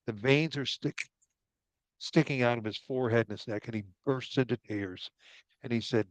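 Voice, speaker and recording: A male podcast host who is a doctor, telling a story in a measured, reflective way. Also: mid-range voice, dry recording. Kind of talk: casual storytelling chat.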